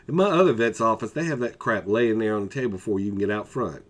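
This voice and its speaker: A man's voice: fairly low pitch, fast, few pauses. A man telling a personal story in a casual vlog, rambling, with fillers and asides.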